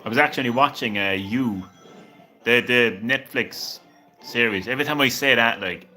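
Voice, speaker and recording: A man's voice: medium pitch, normal speed, bright, forceful tone, soft background music. A young man streaming games live, chatting casually and reassuringly with a viewer, peppering his talk with "man" and tripping over repeated words. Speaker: game streamer.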